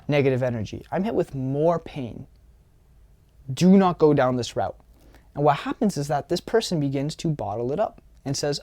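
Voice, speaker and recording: Earnest man with a mellow voice. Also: on the high side, animated, normal speed, dry recording. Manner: earnest, repeats phrases for emphasis. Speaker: social skills coach. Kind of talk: explanatory self-help talk.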